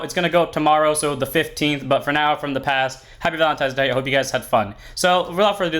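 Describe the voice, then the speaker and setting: A man's voice: mid-range voice, fairly bright tone. A young man hosting a card game channel, giving a rambling, upbeat deck review with frequent self-corrections. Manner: upbeat and enthusiastic.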